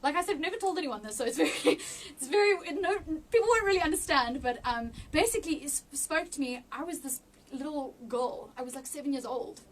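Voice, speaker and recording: A woman giving an emotional personal testimony in an interview, halting with many restarts and near tears. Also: high-pitched, animated, far from the mic. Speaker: interview guest.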